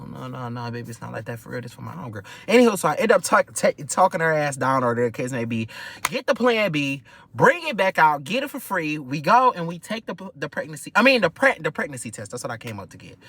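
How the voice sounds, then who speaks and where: A man telling a storytime vlog in an animated, gossipy way and swearing freely. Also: a little high, breathy edge, no room sound. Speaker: vlog host.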